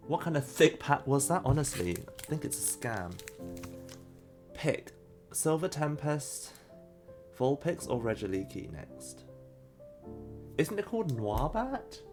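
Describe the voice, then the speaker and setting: A man's voice: on the high side, sing-song, measured pace, long pauses, music in the background. Chatty man opening card packs on stream. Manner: chatty, reacts to pulls and reads chat; unsure of pronunciations, laughs often. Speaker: streamer opening trading cards. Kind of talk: casual live-stream chat.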